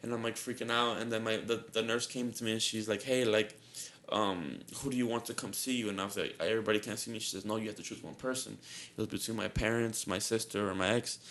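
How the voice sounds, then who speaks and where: A man's voice: fairly low pitch, steady tone, quick pace, few pauses, fairly bright tone. A young man on a podcast telling a story in casual chat, rambling and repeating himself with a lot of "like", sounding shaky and nervous. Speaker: podcast co-host.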